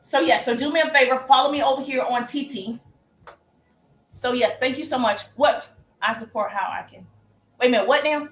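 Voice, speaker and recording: A chatty livestream host coaches viewers on sales, calling them baby and acting out sample messages. Her voice sits high, her pace is moderate, and the room is echoey.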